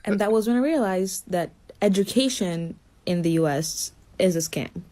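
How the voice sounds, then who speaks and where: A young woman from Greece tells a casual story with a dry, wry edge. Her voice has an ordinary, middle pitch for a woman. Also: normal speed, warm tone.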